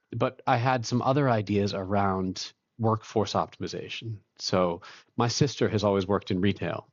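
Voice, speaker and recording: Deep-voiced man, dry muffled sound. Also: no room sound. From Boston, USA. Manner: relaxed storytelling, occasional self-laughs. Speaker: guest, company co-founder and CEO. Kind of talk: conversational interview.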